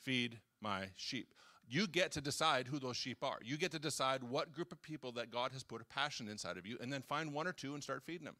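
A man's voice: medium pitch, quick pace, few pauses. A man in his sixties preaching a sermon in a church, talking casually and acting out little dialogues. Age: 60s. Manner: animated, conversational preaching with acted-out dialogue. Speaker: pastor. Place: church hall.

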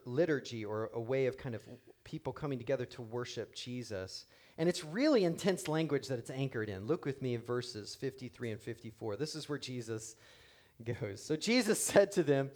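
A middle-aged man preaching a sermon as pastor, animated and joking, acting out quotes in different voices. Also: medium pitch.

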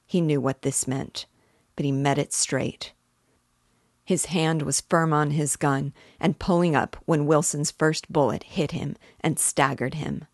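A woman narrating a novel aloud in a steady, measured way. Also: deep voice, no room sound, clean studio sound.

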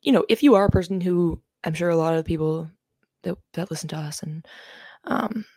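A woman's voice: lowish voice, a little fast, mellow, husky, no room sound, studio quality. A young woman co-hosting a casual podcast chat, rambling with lots of "um" fillers and easy swearing. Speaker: podcast co-host.

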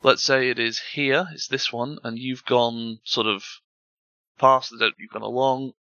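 A man running a tabletop game as game master, his voice very bright. He rambles through scenes with fillers and restarts. The sound is dry and a little muffled. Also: mid-range voice, steady tone, unhurried, dry recording.

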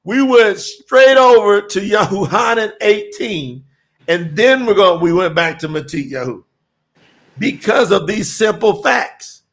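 A middle-aged man with a high, gravelly voice teaching scripture. He talks in an emphatic, preacherly way, often raising his voice to act out the lines he quotes. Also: fairly bright tone. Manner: emphatic, preacherly, dramatic quoting. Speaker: teacher and telethon host.

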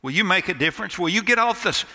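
A man preaching a sermon as a pastor, telling a story dramatically with pauses and sudden drops to a near hush. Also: high voice, expressive. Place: church sanctuary. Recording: long reverb of a church hall.

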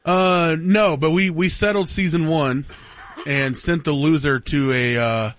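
A man's voice: fairly high pitch, dry recording. A man co-hosting a radio talk show, joking and laughing with his co-hosts. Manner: jokey, quick to laugh. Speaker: radio sports talk co-host. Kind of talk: casual studio banter.

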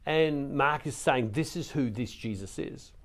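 A man's voice: mid-range voice, a little slow, a bit bright. A man preaching as a Catholic minister, teaching on scripture in an earnest way, with restarts, and reading passages aloud with more force.

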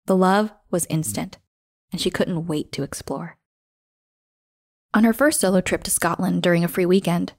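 A woman narrates a scripted story as host, reading at a steady, measured pace. Her voice sits at an ordinary middle pitch, and she slows down on key phrases for emphasis. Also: no echo, clean studio sound.

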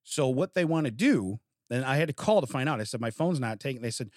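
A man's voice: medium pitch, lively intonation, brisk, darkish tone, no room sound, studio quality. A man co-hosting a casual podcast, telling a long complaint story and acting out his phone calls. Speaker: podcast co-host. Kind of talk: casual chat.

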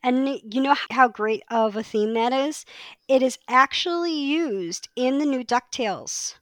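A woman's voice: sits high, a little slow, a bit bright, dry recording. A woman co-hosting a podcast in casual chat, enthusiastic and chatty, often restarting her sentences. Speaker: podcast co-host.

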